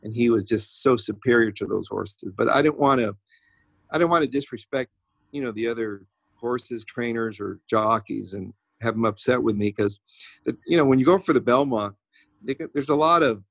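A man's voice: mid-range voice, moderate pace, creaky, slightly rough, no echo. A man who trains racehorses, a podcast guest telling stories in a rambling way with many restarts. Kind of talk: casual interview talk.

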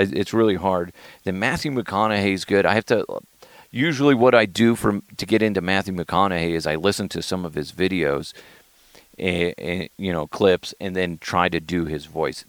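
A man's voice: sits low, moderate pace, dry recording. A man hosting a comedy podcast, rambling and self-deprecating with profanity. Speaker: podcast host. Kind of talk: casual comedic podcast chat.

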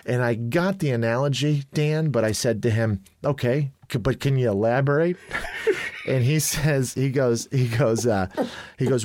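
This Chicago man hosts a podcast and tells a story in casual chat, his voice medium in pitch and moderate in pace with no echo. He's an animated storyteller who laughs and acts out the quotes.

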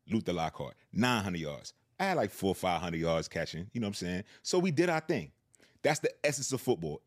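A middle-aged man, a former pro football player co-hosting a podcast, arguing his point emphatically with profane, repeated catchphrases. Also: on the low side. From Queens, New York. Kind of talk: heated sports debate.

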